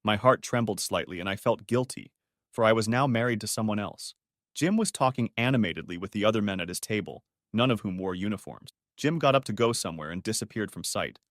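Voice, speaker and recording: A man narrating a story audiobook in a steady, expressive reading style. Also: fairly low pitch, a little fast, dry recording, clean studio sound.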